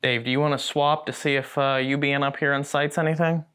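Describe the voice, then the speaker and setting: A man hosting a paranormal investigation, narrating and calling out slow, pointed questions to spirits inside an old house at night. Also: medium pitch, flat delivery, pushed and bright, smooth. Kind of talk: ghost-hunting vlog narration and calling out.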